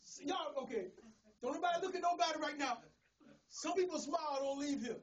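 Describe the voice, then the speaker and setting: A middle-aged pastor preaching a sermon in a folksy, storytelling way, often repeating words. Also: male voice, very high voice, fairly quick, recorded from a distance, dull audio. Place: church.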